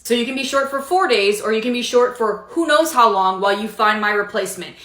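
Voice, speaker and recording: A woman's voice: fairly high pitch, pushed and bright. A woman playing a blunt, defiant female employee who refuses to cancel her time off in a comedy skit. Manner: blunt, defiant, matter-of-fact. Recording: echoey room.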